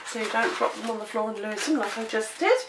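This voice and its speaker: Chatty crafter, winded from a chest cold, slightly high voice, distant mic with a noisy background. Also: female voice, quick pace, reverberant. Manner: chatty, self-deprecating, talks while working. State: out of breath, coughing. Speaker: craft tutorial presenter. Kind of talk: chatty step-by-step craft demonstration.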